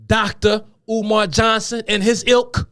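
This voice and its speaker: A man's voice: sits high, flat delivery, unhurried, a bit bright, clear, resonant tone, no room sound, studio quality. A man speaking hosts a solo political commentary, reading quotes aloud and breaking off into heated, profane rants. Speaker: commentary host.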